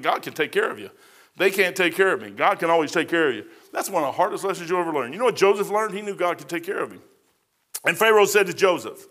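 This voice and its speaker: Middle-aged male pastor, slightly high voice, folksy and conversational, teaching a sermon verse by verse. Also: sharp tone. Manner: folksy, conversational preaching with personal stories.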